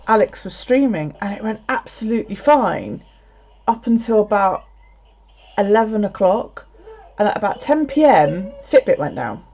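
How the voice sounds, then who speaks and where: Woman, casual stream chat, swears often, mid-pitched voice, muffled lo-fi sound. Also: darkish tone. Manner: chatty storytelling, swears freely. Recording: slightly dull lo-fi audio.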